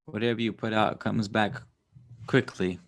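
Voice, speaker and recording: A man's voice: lowish voice, steady tone, normal speed. Man, livestream host, casual chat, rambling, chuckling, loose fillers.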